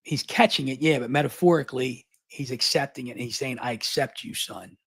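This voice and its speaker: A middle-aged man from Baltimore, a guest on a live interview, telling a long story at high speed, often repeating words and restarting. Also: gravelly, slightly rough, no room sound. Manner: fast, energetic, long-winded storytelling.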